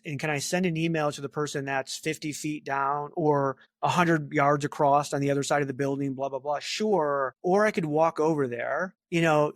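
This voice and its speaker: A middle-aged man speaking as a guest in a casual interview, chatty and animated, full of fillers and asides. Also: on the high side, no echo, studio quality. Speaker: talent acquisition leader, guest.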